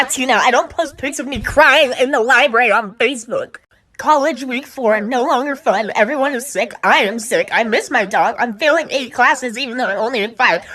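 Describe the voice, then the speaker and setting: A woman reading funny tweets aloud to camera in a playful way, jumping up in pitch for punchlines. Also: moderate pace, bright, forceful tone. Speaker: tiktok creator reading tweets.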